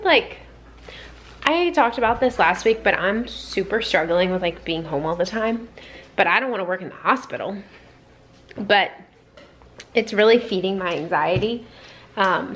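A young woman in her twenties chatting casually in a home vlog, rambling with fillers, and switching to a high sing-song voice to call her dogs. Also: a bit bright, a little hiss or hum, poor audio. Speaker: vlogger.

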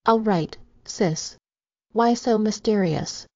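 A woman's voice: medium pitch, takes it slowly, dark tone, dry recording. A woman voicing a worried young man in an audiobook, speaking urgently and in disbelief. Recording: slightly dull, dry recording.

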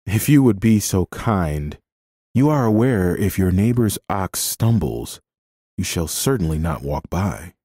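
A man's voice: low-pitched, unhurried, slightly rough, dry recording, full character voice. Man voicing a wry, learned young king. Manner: calm, dry wit. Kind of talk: audiobook character voice.

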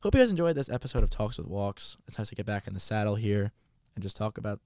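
A man's voice: lowish voice, big pitch swings, fast, a little mellow, no echo, studio quality. A man hosting a podcast, giving blunt, rambling, casual commentary with a profane edge. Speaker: podcast host.

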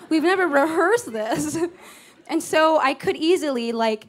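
A woman's voice: high voice, lively intonation, normal speed. A woman performer chatting to a club audience between songs in a rambling, anecdotal way, heard on a live recording over a band. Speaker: singer and stage performer. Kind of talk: cabaret stage banter. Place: small live music venue.

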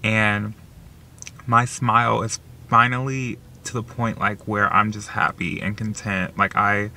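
A man's voice: fairly low pitch, a little slow, a little hiss or hum. A man vlogging in a casual, emotional way, packing nearly every phrase with "like.". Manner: filler-heavy, says "like" constantly; excitable and emotional. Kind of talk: casual vlog chat.

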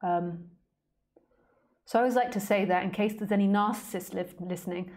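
A woman's voice: medium pitch, moderate pace, a little mellow. A woman hosting a casual spiritual live stream, playful and joking with frequent laughs.

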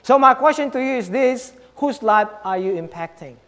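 A male pastor with a notably high voice preaches a sermon at a moderate pace, his intonation lively as he presses his points with repeated rhetorical questions. He moves from loud stresses to soft, low asides, and a long reverb tail follows his words.

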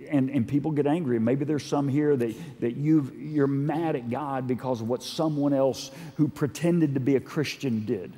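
A man's voice: mid-range voice, warm tone, slightly rough. A male pastor preaching a conversational sermon to a live congregation, building to emphatic, repeated points. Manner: conversational preaching, with rising intensity and emphatic repetition. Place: church sanctuary. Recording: long hall reverb.

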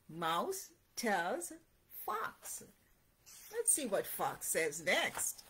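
A woman guides parents and babies through a picture book, her voice bright and lively. She talks slowly and encouragingly, like a teacher at storytime. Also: medium pitch, a little hiss or hum. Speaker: early childhood educator. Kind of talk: children's read-aloud with parent tips.

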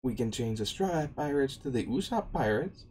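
A man's voice: medium pitch, lively intonation, normal speed, a little mellow, husky. A man voicing a boastful young male pirate who speaks in a smug, offhand way.

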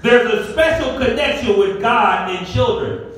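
A middle-aged man preaching in a church with a strikingly high voice. He calls out to the congregation and builds to shouts. The sound is echoey and caught from far off the mic. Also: a little slow. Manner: preaching with call-and-response, rising to shouts. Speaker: pastor. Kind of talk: sermon. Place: church sanctuary.

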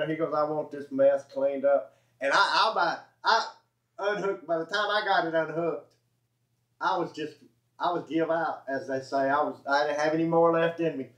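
A Southern man with a fairly high, fairly bright voice tells a casual, rambling story, chuckling and correcting himself as he goes. The folksy anecdote was recorded in a roomy, echoey space, and the lo-fi audio sounds dull and muffled.

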